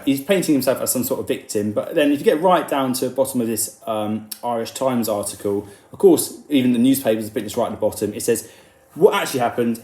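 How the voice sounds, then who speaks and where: Indignant man, roomy echo. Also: medium pitch. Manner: animated, indignant, quotes people in mocking voices. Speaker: rugby news commentator. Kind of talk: opinionated commentary video.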